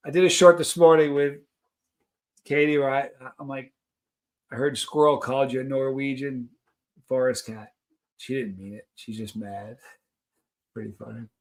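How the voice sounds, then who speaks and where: A man hosting a live stream, chatting casually and reading out viewer comments in a rambling, friendly way. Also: mid-range voice.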